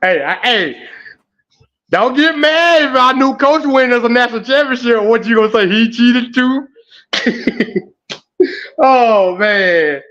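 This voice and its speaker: A man hosting an emotional live stream, animated, groaning and exclaiming as he talks. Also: extremely high pitch, takes it slowly, long pauses, highs cut off. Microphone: home streaming setup.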